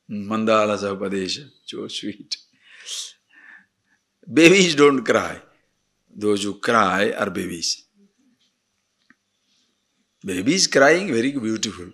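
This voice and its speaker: An older man giving a spiritual discourse, animated, moving between emphatic declarations and soft murmured asides. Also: mid-range voice. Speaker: spiritual teacher.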